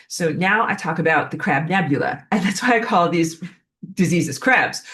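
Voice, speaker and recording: Chatty woman giving an animated lecture. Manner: animated, acts out quoted voices with jumps in pitch; chatty, heavy use of "like" and fillers. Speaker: online lecturer. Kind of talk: casual spoken lecture.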